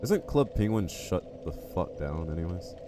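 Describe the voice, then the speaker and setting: A man's voice: low voice, very animated, a little slow, music in the background. A man streaming a game live, chatting casually and joking with his viewers. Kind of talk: casual live-stream chat while playing.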